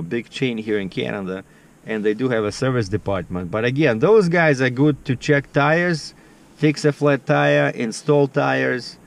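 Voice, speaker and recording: A man with a creaky, medium-pitched voice vlogs casually outdoors, telling a story to the camera. He's chatty and leans heavily on fillers, acting out other people's lines in the dialogue.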